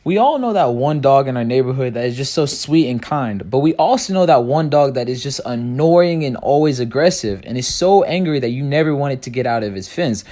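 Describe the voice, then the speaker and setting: A young man telling comedic storytime anecdotes, animated and jumping to high yelps at the punchlines. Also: fairly quick, hardly any pauses.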